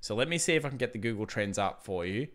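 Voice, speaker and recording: A man's voice: lowish voice, lively intonation, fast talker, a bit bright. A man, hosting a live stream and chatting casually through market commentary while reading viewer messages. He laughs easily and thinks aloud, restarting his sentences as he goes. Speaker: livestream host.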